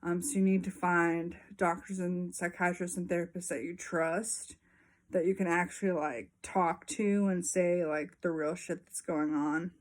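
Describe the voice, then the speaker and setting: A young woman speaks plainly and candidly to her viewers, sharing personal experience. She talks slowly, her voice sitting a little low, and she fills her pauses with frequent ums. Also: steady tone. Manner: frank and unhurried, frequent ums. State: a little out of breath. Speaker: vlogger. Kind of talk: casual personal talk to camera.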